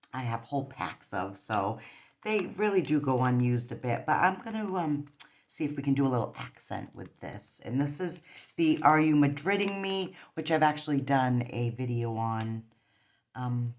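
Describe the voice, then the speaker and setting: A woman with a strikingly deep, low voice talks her way through a nail polish strip tutorial. She rambles casually, circling back on herself with plenty of ums and you-knows. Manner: rambling, chatty, many fillers.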